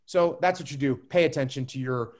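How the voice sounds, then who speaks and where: A man answering interview questions about leadership in a measured, emphatic way, often repeating key phrases. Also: mid-range voice. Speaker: guest speaker on leadership.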